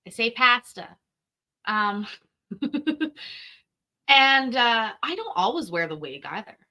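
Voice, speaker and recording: Brief: woman host reacting in casual chat, unhurried, swoops in pitch. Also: big pitch swings, bright, forceful tone. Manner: chatty and incredulous.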